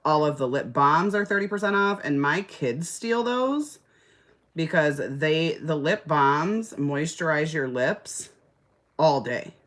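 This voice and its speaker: Bright-voiced chatty woman selling skincare live. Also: low voice, lively intonation, takes it slowly. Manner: chatty, gushing, fillers like "like" and "oh my gosh". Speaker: live-stream skincare seller. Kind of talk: casual live-stream chat reading comments.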